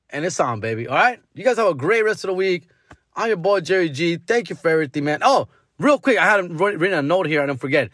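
A male comedian hosts his podcast in a casual storytelling voice. He sits a little high in pitch and swings it widely. He swears freely and mixes in Spanish slang. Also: lively intonation, a little fast, fairly bright tone, no echo, clean studio sound. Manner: profane, slangy, drops Spanish words.

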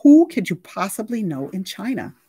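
A woman doing a brisk, fussy crew lady. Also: medium pitch, very animated, warm tone, breathy edge, dry recording, clean studio sound, pitched above the performer's own voice. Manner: fussy, bossy, kindly.

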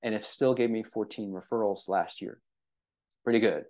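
A man with a low, slightly mellow voice keeps a steady tone at normal speed as he leads a real estate training. His conversational style includes frequent check-ins with listeners, plenty of fillers and rhetorical "right?".

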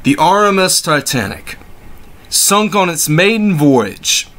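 Male reaction host, sarcastic, foul-mouthed, higher-pitched bright voice. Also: sing-song, slow pace. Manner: exclaims and breaks into laughing disbelief; sarcastic, swears freely. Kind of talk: comedic reaction commentary.

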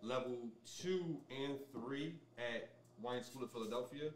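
A man speaking as a sommelier guest in a casual interview, explaining things in a relaxed way with many ums and restarts. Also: mid-range voice, unhurried, roomy sound, distant mic, slight background noise.

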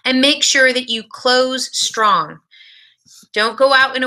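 A woman's voice: high voice, slow pace, pushed and bright. A woman teaching a college speech class in a recorded video lecture, giving direct practical tips.

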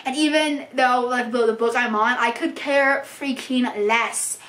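A woman's voice: on the high side, steady tone, a little slow, fairly bright tone. A young woman book vlogger chatting casually about books she read, gushing and full of fillers. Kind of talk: casual chat. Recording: echoey room.

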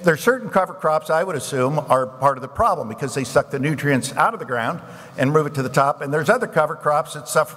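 A man moderating a conference panel and telling stories in an animated way, his pitch jumping up and down. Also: brisk. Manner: animated storyteller, pitch jumps up and down. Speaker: panel moderator and farm researcher. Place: conference session hall. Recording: long hall reverb.

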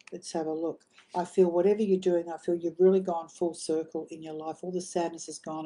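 Soft-spoken Australian woman medium, mellow. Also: on the low side. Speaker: psychic medium. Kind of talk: live online reading.

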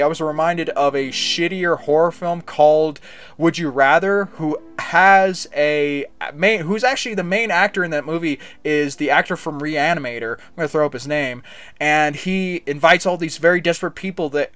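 A man's voice: a little high, a bit bright. Rambling blunt young man reviewing films. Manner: rambling, blunt, with frequent restarts and filler words. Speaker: film reviewer. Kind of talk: casual unscripted movie review.

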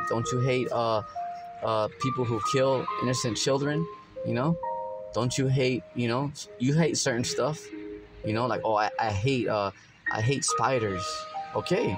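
A middle-aged male preacher reading scripture and explaining it in a casual, conversational way, full of "you know" fillers. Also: medium pitch. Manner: conversational, many "you know" fillers, acts out everyday quotes. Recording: music playing under the voice.

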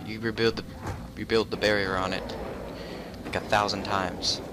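A man's voice: fairly low pitch, little pitch movement, moderate pace, noisy background. A man hosting a casual gaming video, teasing his friend and joking about what happens on screen. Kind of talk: casual gameplay commentary.

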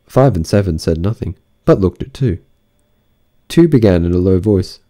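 A man narrating an audiobook of a classic tale in an expressive, theatrical reading. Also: low voice, moderate pace.

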